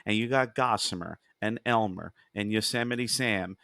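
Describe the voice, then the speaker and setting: A man's voice: lowish voice, moderate pace, gravelly, sharp tone, no echo, studio quality. A man co-hosting a podcast, chatting in a rambling, self-amused way with many fillers. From United States. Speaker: podcast co-host. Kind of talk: casual chat.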